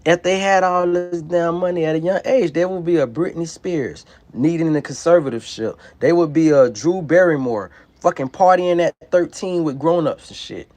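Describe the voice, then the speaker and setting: A man, ranting loudly and preachily into a handheld phone on a livestream outdoors. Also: on the high side, normal speed, few pauses. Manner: loud, profane, preachy and emphatic. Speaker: livestream host. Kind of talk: profane ranting monologue. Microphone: phone held in hand.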